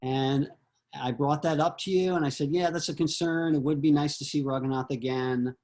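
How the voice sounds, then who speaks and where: A man's voice: a little high, fairly even intonation, moderate pace, darkish tone. A man on a video call, earnestly telling a personal memory with many fillers and restarts. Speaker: disciple giving homage.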